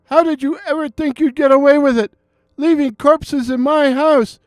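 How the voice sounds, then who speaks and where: A man's voice: very high-pitched, steady tone, moderate pace, dry recording, clean studio sound, voice pushed up. A man voicing an old male serial killer who fakes tearful outrage in a trembling, accusing voice. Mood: shrill outrage.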